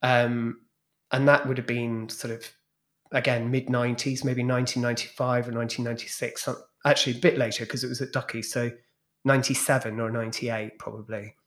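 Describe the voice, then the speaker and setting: A man's voice: medium pitch, a little fast. A man, a guest in an interview, telling frank, bawdy stories about his past stage acts. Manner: frank, bawdy, animated storytelling. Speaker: guest, former club DJ and drag performer. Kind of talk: anecdotal storytelling in a podcast interview.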